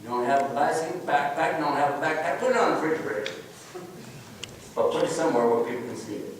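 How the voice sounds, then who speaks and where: A man's voice: on the high side, expressive, quick pace, slight background noise. A man telling a story to an audience, folksy and joking, speaking as a preacher. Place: lecture hall. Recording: very echoey hall from far off.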